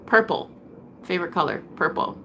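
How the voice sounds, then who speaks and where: A woman's voice: on the low side, lively intonation, moderate pace, pushed and bright, slight background noise. A woman streaming to her viewers, chatting casually as she reads their comments. She is blunt, swears freely and laughs often. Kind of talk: casual livestream chat.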